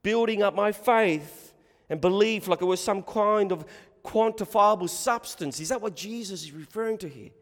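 Male preacher, sermon, high voice, unhurried phrases, long hall reverb. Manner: preaches in short, deliberate phrases with long pauses.

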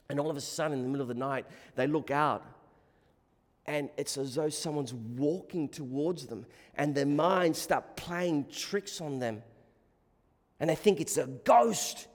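Man preaching in an echoing hall. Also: fairly high pitch. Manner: dramatic swings from hushed to loud and emphatic. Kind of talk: sermon. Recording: long hall reverb.

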